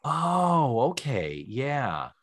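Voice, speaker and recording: Male podcast co-host, medium pitch, very lively sing-song delivery, casual recap chat. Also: extremely slow. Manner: animated storyteller, sing-song pitch swings.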